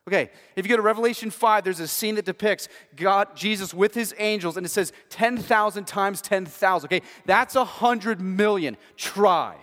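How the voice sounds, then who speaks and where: A man's voice: high-pitched, moderate pace, hardly any pauses, a bit bright. A man preaching a sermon in a casual, conversational way, often restarting phrases and checking in with "right?". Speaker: pastor. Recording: long hall reverb.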